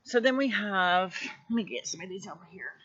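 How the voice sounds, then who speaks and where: A woman casually showing off her tarot decks, gushing with effusive praise and sometimes dropping to a hushed voice. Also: mid-range voice, lively intonation, brisk, husky, highs cut off. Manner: drops to a hushed voice at times. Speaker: tarot deck reviewer. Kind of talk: casual show-and-tell vlog.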